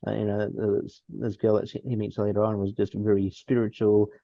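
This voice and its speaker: A podcast co-host rambles through a casual film review, restarting often and chuckling along the way. His voice is lowish, a little fast and completely flat, with vocal fry. The recording sounds dull, dry and lo-fi, with no echo.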